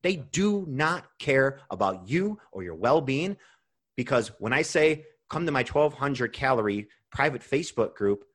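Hosting a podcast in his role as a nutrition coach, a young man speaks in a mid-range voice. His tone is casual and animated as he rants, cursing freely along the way.

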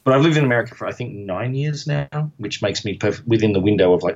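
A man's voice: mid-range voice, expressive, quick pace, hardly any pauses, slightly rough, highs cut off. An Australian man from Perth, chatting as an interview guest in a rambling, self-deprecating way. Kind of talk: casual interview chat.

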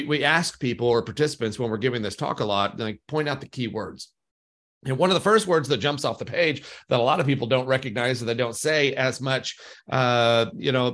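A man of ordinary pitch talks through a workplace topic in a loose, conversational way. He restarts sentences and slips into quoted phrases to make his point. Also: a bit bright. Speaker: podcast co-host, workplace trainer. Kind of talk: casual conversational discussion.

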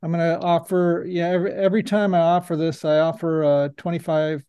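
Older guy hosting a podcast, highish but mellow voice, easygoing, dry close sound. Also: level tone, fairly quick, clean tone, no room sound. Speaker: podcast host. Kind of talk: casual podcast interview.

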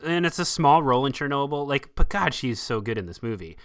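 A man hosting a casual film review podcast, talking in an animated, enthusiastic way. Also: medium pitch, brisk, smooth. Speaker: podcast host.

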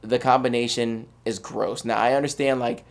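A man in casual podcast banter, blunt and opinionated. He jokes as he argues, in a voice of ordinary middle pitch. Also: fairly even intonation, normal speed, vocal fry. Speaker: podcast co-host. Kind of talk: casual chat.

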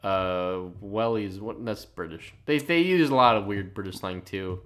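A man's voice: lowish voice, very animated, normal speed, a bit bright. Rambling young man swearing in casual chat. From Albania. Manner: rambling, swearing, laughs often. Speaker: podcast co-host.

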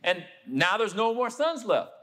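A man preaching a sermon, telling a story and acting out the people in it, then turning quiet and low for a personal confession. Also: big pitch swings, measured pace. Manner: storytelling, acts out the people he quotes.

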